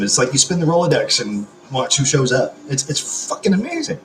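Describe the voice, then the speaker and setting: Male livestream host, 30s, casual and sweary, medium pitch, echoey room. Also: sing-song, a little fast, soft background music. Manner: chatty and affectionate, swears freely.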